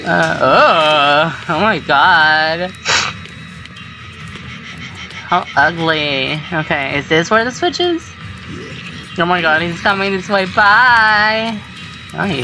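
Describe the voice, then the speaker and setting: A woman commenting on her own gameplay, excitable and swearing, with startled shrieks. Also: fairly low pitch, slow pace, long pauses, music in the background, poor audio. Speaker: gamer. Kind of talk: let's play commentary.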